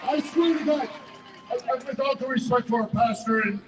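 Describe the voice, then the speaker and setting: A man giving an emotional, stammering speech at an outdoor protest rally, heard through an echoey loudspeaker from a distance. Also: extremely high pitch, moderate pace, very noisy. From Canada. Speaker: rally speaker, business owner. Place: outdoor city square rally.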